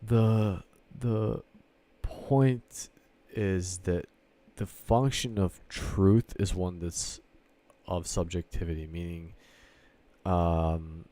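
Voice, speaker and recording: His low, warm voice moves very slowly with fairly even intonation as this man from Sicily talks in a casual online chat. He circles a rambling argument, swears without restraint, and performs both roles in an imagined conversation.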